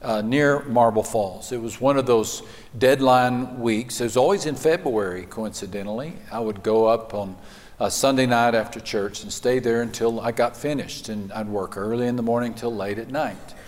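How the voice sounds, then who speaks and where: Pastor in a reverberant hall. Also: male voice, medium pitch, moderate pace. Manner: folksy storytelling with hesitant fillers. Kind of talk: sermon.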